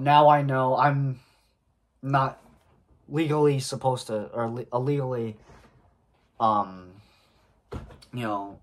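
A man talking casually to camera as a vlogger, telling a personal story in a halting way, often pausing and clearing his throat. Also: medium pitch. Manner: slow, halting delivery with frequent pauses and throat clearing.

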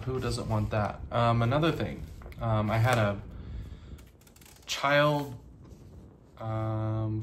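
A man in his thirties talking casually to the camera, halting with many pauses, earnest and grateful. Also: lowish voice, a little hiss or hum. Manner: halting, soft-spoken, many ums and pauses. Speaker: vlogger and teacher.

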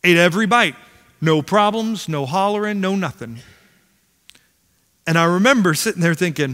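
A man's voice: high voice, moderate pace, pauses often. A middle-aged man preaching a sermon as pastor, telling stories with humor and acting out the voices in them. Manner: animated storyteller, acts out quotes, self-deprecating humor. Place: large church sanctuary. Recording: long hall reverb.

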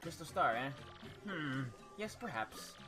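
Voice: mid-range voice, big pitch swings, a little slow. A woman doing a cranky, bossy old creature elder. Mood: instructing. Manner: scolding, bossy, lecturing. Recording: game music behind.

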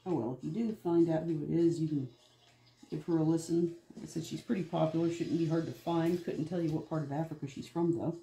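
This art channel host rambles casually from one topic to the next as he works on a piece. His slightly high voice is steady, warm and creaky, and fairly quick. The audio carries a roomy echo with faint music underneath.

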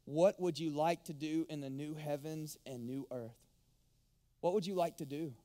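A pastor delivers a sermon in a slightly high voice. He preaches with emphatic, animated energy. He often drops to a hushed tone for effect. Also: moderate pace.

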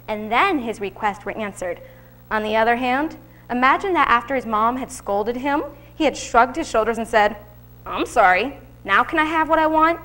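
High-voiced woman reading a devotional. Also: a bit bright. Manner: earnest, slows for scripture quotes. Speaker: devotional teacher.

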